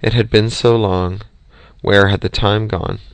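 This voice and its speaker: A man reading an audiobook in a steady, measured way, close to the mic. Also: fairly low pitch, no echo. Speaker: audiobook reader. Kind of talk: audiobook narration.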